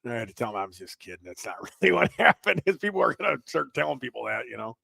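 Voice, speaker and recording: A man co-hosting a podcast, telling crude, animated stories in a casual chat. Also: medium pitch, rapid-fire, creaky, no room sound, studio quality. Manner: animated, profane storytelling with laughs. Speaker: podcast co-host.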